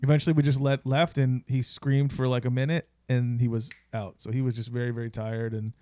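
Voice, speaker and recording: A man's voice: mid-range voice, little pitch movement, brisk, dark tone. A young man co-hosting a podcast, telling a long story in rambling casual chat. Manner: rambling storyteller, acts out his toddler. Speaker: podcast co-host.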